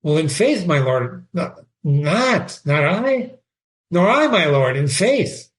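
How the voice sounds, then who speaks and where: A man reading the part of a loyal, cautious young friend in a play, with slow, earnest delivery. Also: a little high, very animated.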